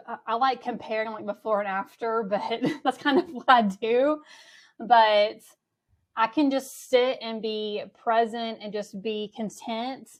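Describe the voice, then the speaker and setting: Woman guest, fairly high pitch, halting and searching for words, laughs easily. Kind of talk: casual conversation.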